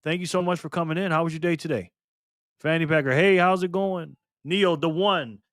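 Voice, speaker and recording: A man with a fairly high voice hosts a casual live stream and warmly greets each viewer by name. His voice is close and dry, and his talk swings between lively greetings and slow, earnest remarks. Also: no echo. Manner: greets chat viewers one by one, lively and upbeat; slow and earnest when speaking of freedom and tyranny.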